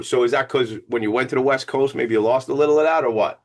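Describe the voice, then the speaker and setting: A man with a Long Island New York accent, hosting an interview in an energetic, rambling, playful way. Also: medium pitch, quick pace. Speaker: podcast host. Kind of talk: casual interview chat.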